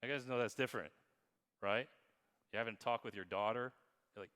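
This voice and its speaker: A man in his thirties giving a lively, emphatic keynote talk at a conference, speaking straight to the audience. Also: mid-range voice, a little fast, clean tone, big-room sound. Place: conference hall.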